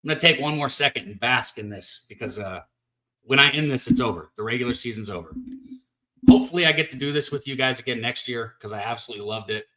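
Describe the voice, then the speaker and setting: Upbeat, chatty male sports host from Texas with a bright, forward voice. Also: medium pitch, fast talker. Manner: upbeat, chatty, talks straight to viewers. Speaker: sports betting show host. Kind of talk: casual live-stream sports talk.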